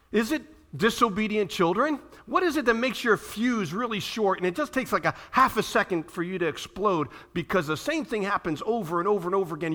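A man delivers a sermon in a church room, speaking in a high voice with a bright, forceful ring. He keeps his delivery animated and keeps turning questions back to the congregation. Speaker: pastor.

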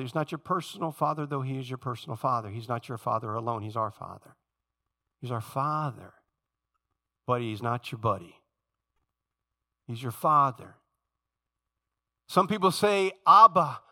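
Bright-voiced male pastor preaching. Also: high voice. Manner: preaching with big swings from loud emphasis to hushed confession. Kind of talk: sermon.

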